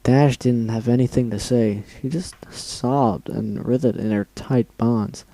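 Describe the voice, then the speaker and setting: A man's voice: medium pitch, expressive, slow pace, vocal fry, mellow, no echo, poor audio. A young man reading fan fiction aloud as an amateur dramatic reading, often stumbling over words and correcting himself.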